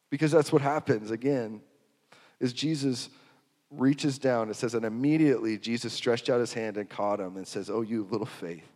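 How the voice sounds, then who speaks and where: A man preaching a sermon, swinging from hushed to loud and repeating phrases for emphasis. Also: mid-range voice, steady tone, fairly quick. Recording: long hall reverb.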